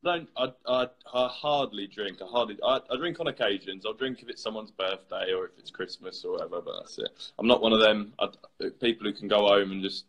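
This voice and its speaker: Man, husky voice, casual live chat host, easygoing with fillers, video call. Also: on the low side, fairly quick, few pauses, fairly bright tone, poor audio.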